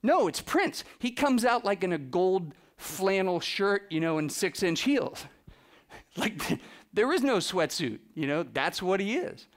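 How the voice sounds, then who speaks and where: A man giving a live, animated storytelling talk to an audience as a photographer, acting out the people he quotes by dropping his voice. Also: high-pitched, measured pace. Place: presentation room with a live audience.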